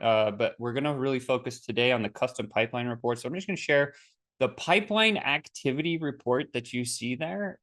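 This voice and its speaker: A man presenting a motivational business webinar, telling stories in a casual, upbeat way with energetic asides. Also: medium pitch. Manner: energetic storytelling with acted quotes; casual, upbeat, repeats words.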